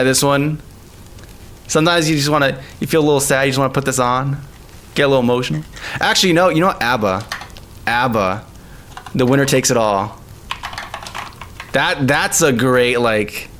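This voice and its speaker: A man streaming live, chatting casually and excitedly, laughing often and using lots of slang. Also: mid-range voice, slight background noise. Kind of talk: casual live-stream chat over music. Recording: music playing faintly behind.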